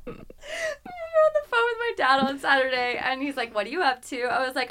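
A young woman in her twenties hosting a casual chat, telling animated stories with frequent giggles. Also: sits high, unhurried, pauses often, a little hiss or hum. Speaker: podcast host.

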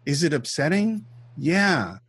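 Speaking slowly in a slightly rough, somewhat high voice, a man on a dry recording hosts a podcast. He lively recounts a movie to his co-host scene by scene, mixing in details of how it was made during their casual chat.

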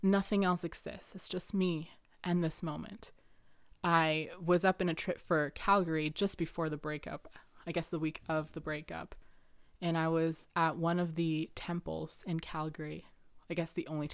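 Soft-spoken young woman, earnest and rambling. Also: low-pitched, level tone, moderate pace, gravelly, clear, resonant tone, dry recording. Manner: earnest, rambling, laughs often, many "like" fillers. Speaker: podcast host. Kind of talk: personal reflective monologue.

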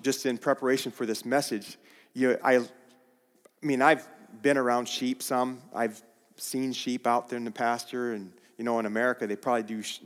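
Male preacher, mid-range voice, unhurried and halting, recorded in a reverberant hall. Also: mid-range voice. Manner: halting, restarts phrases, slow deliberate delivery. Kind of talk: sermon.

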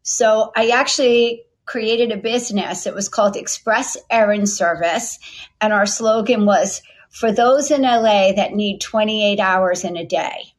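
In a storytelling interview answer, a middle-aged company founder recounts a long tale from her past, lively and talkative, imitating the voices of the people she quotes. Her pitch is medium and her pace a little slow.

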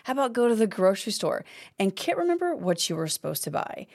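A woman's voice: medium pitch, lively intonation, quick pace, dark tone. A woman hosting a faith-based teaching podcast, talking expressively and acting out complaining prayers. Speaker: podcast host.

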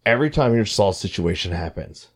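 A man's voice: on the low side, lively intonation, fairly quick. Laughing, swearing male podcast co-host. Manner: swears a lot, laughs often, acts out voices in stories. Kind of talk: casual banter.

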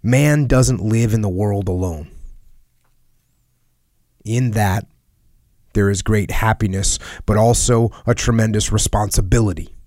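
A man reading a personal letter aloud in a solemn, earnest and measured way, sometimes dropping to a hush. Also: lowish voice, no room sound, studio quality. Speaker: reader of a letter.

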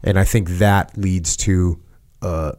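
A man from the United States, a podcast host, talking in a relaxed conversation and telling stories in a steady, reflective way. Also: low voice, takes it slowly. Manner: reflective, retells radio calls in a calm level voice. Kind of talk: casual conversation.

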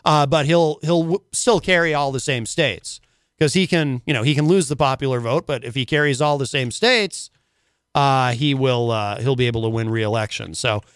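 A man's voice: mid-range voice, normal speed, fairly bright tone, smooth, no echo, clean studio sound. A man hosting a casual talk radio show, rambling and full of filler words.

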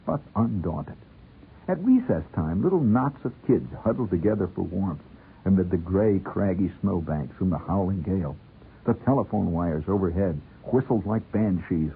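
A man telling a wry, lively first-person story, playing the people in it as he goes. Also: low voice. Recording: tinny old radio broadcast with faint noise.

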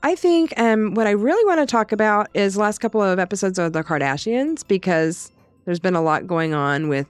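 A woman's voice: mid-range voice, animated, normal speed, clear, resonant tone, dry recording, soft background music. A woman co-hosting a podcast in casual chat. She is easygoing and agreeable and sometimes trips over names. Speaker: podcast co-host.

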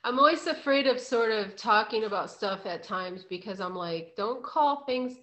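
A young woman hosts a podcast in casual chat, using a mid-range voice that is steady and sharp in tone at normal speed. She laughs often and swears now and then.

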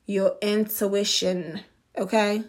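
A woman hosts a podcast and talks straight at the listener, blunt and full of swearing. She takes her time and leans hard on the words she wants to land. Her pitch sits in an ordinary middle range. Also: little pitch movement, slow pace. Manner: blunt, profane and emphatic, drawing out key words. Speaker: podcast host. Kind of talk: motivational monologue.

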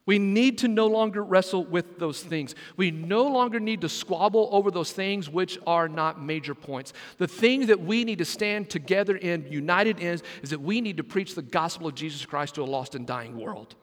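A man's voice: sits high, lively intonation, unhurried, big-room sound. A man, a senior pastor, preaching a sermon with emphatic delivery and asides that call on the congregation. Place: church sanctuary.

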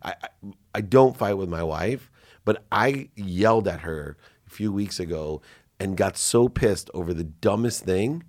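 A man's voice: deep voice, animated, unhurried. A middle-aged man who is a guest on a podcast, telling personal stories in an earnest, confessional way and acting out his own quotes. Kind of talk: casual interview chat.

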